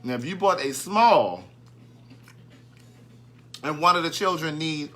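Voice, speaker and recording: A man's voice: on the high side, animated, slow pace, bright, forceful tone. A man hosting a casual live stream, chatting and greeting viewers by name, and easily sidetracked.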